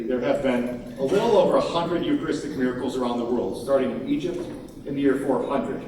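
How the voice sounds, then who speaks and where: A man giving a conference keynote, animated and emphatic, acting out quotes from crowds. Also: medium pitch, slight background noise. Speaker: keynote speaker. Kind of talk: conference talk. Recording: echoey hall from far off, faint ambience.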